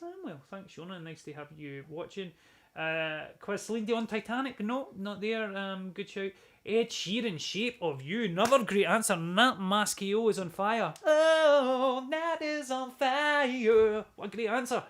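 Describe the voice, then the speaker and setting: A man's voice: sits high, fairly bright tone. A man from Scotland hosting a live-streamed music show, casually reading out viewer comments, joking and breaking into bits of song. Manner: chatty, jokey, swears, sings snatches of songs.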